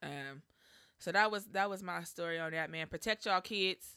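A woman co-hosting a podcast, talking bluntly and swearing freely. Her voice is bright and clear. She sits close to a dry, close microphone. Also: fairly low pitch, normal speed, no echo. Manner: blunt, profane, joking. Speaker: podcast co-host. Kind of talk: casual chat. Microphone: close studio microphone.

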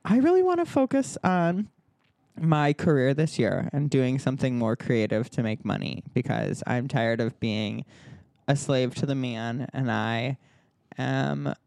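A man's voice: mid-range voice, expressive, unhurried, creaky, darkish tone, no room sound. A young man chatting casually, upbeat and chatty, telling stories. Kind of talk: casual chat.

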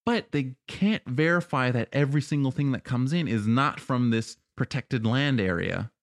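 A man in casual podcast talk, explaining his point in a measured way and walking through examples with some fillers. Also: mid-range voice, dry recording, clean studio sound. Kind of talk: casual chat.

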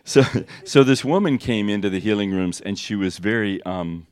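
A man teaching at a ministry school, telling stories and laughing often, jumping up in pitch as he acts out what people said. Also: normal speed, a little mellow, clear, resonant tone, dry recording. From United States. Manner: storytelling, laughs often, acts out dialogue with big jumps in pitch. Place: church teaching hall.

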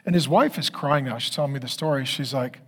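A man's voice: medium pitch, fast talker, slightly rough. A man preaching as a pastor, telling a story with emphatic lists, then closing in prayer. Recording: long hall reverb.

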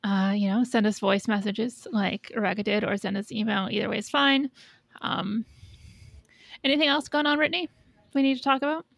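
A woman co-hosts a podcast in relaxed chat, laughing easily and sounding amused. Her voice has plenty of fry and a mid pitch. The sound is close and dry. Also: brisk, no room sound. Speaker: podcast co-host. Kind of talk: casual chat.

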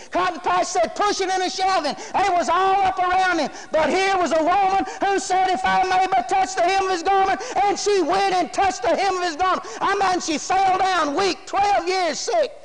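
A man preaching a sermon in a very high voice, folksy and emphatic. He keeps putting questions to the congregation. His voice rings with the long reverb of a church hall. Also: a bit bright.

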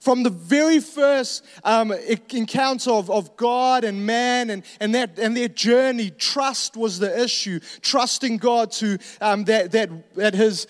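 A man's voice: very high-pitched, slow pace, few pauses, long reverb tail. A male pastor, preaching a sermon in a conversational way with joking asides and restarts.

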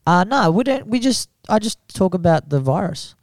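A man's voice: high voice, sing-song, normal speed, dry recording. A man with a broad Australian accent hosting a casual podcast, blunt and teasing, laughing a lot.

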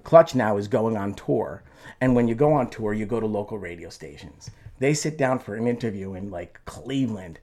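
Telling a story conversationally, this former band singer, now middle-aged, speaks with a lowish, darkish voice at a moderate pace. He keeps starting over and raises his voice whenever he acts out what someone said.

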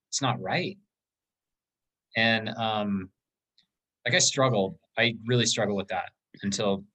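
A man's voice: fairly low pitch, bright, forceful tone, poor audio. A man on a podcast, telling an emotional story about an ultramarathon in a casual, rambling way with many fillers.

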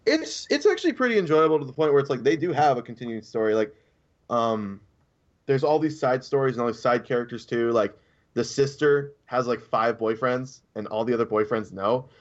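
A man's voice: mid-range voice, expressive, fairly quick. A man co-hosting a casual podcast chat, rambling through a story and acting out the quotes in raised voices. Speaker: podcast co-host. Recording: dull lo-fi sound.

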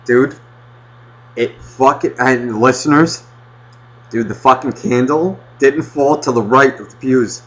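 A man casually telling a rambling childhood story on a podcast, swearing constantly and getting animated. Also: mid-range voice, measured pace. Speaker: podcast host. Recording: dull lo-fi podcast audio.

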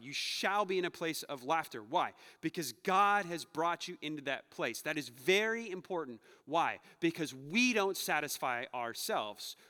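A bright-voiced male pastor with fairly high pitch delivers a sermon in a church sanctuary, the long reverb of the hall around him. His preaching is conversational, swinging from playful asides to hushed, earnest passages.

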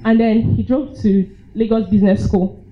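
A woman's voice: mid-range voice, steady tone, normal speed. A young woman with a Nigerian accent telling a personal story at a live event, laughing often and acting out her own reactions. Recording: dull lo-fi live recording.

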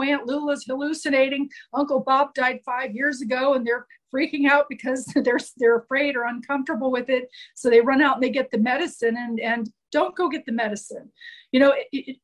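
High-voiced woman telling heartfelt nurse stories. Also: poor audio. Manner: earnest, heartfelt, with frequent restarts. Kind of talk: conversational storytelling.

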